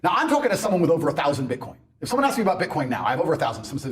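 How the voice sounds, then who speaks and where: A man ranting on a podcast in a boastful, mocking way, mimicking people in loud bursts. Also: a little high, huge pitch swings, racing. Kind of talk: animated podcast rant.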